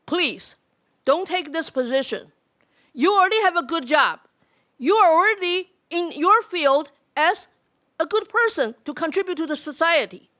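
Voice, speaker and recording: Very high-voiced woman pleading slowly. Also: fairly bright tone. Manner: pleading, earnest. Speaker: public commenter. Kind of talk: public comment at a meeting.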